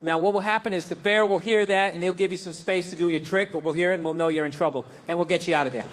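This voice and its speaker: A man with a high-pitched voice performs a stand-up routine on stage. He tells an animated story and slips into the voices of the people in it. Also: quick pace. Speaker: stand-up comedian.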